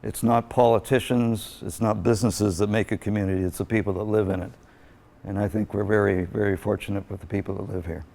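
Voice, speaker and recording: A man's voice: lowish voice, fairly even intonation, fairly quick, vocal fry, darkish tone, a little hiss or hum. A middle-aged man who owns a small-town movie theater, talking plainly and folksily in an interview. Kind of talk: casual interview.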